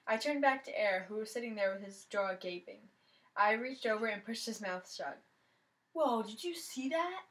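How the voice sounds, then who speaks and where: A woman's voice: medium pitch, moderate pace, fairly bright tone, low-quality recording. A woman reading a mystery novel aloud, telling the story in the first person with plenty of expression. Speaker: reader of a novel.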